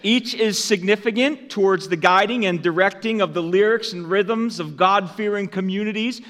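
A man preaching a sermon as pastor, in an unhurried, conversational way that lifts for emphasis. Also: high-pitched, a bit bright. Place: church sanctuary. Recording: long church hall reverb.

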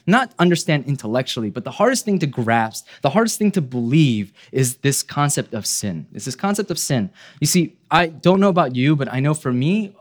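A pastor delivers an earnest sermon, asking rhetorical questions and lowering his voice to drive home the key points.

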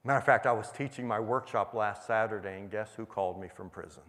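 A man's voice: lowish voice, fast, a bit bright. A middle-aged man preaching, earnestly retelling a conversation with a young inmate as a testimony. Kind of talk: sermon storytelling. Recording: long hall reverb.

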